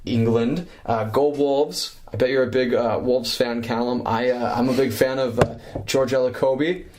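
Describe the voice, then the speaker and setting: Fairly even in intonation and a little mellow, this man co-hosts a casual podcast at a moderate pace, with slight background noise. He's jokey and sometimes slips into goofy high-pitched voices and impressions.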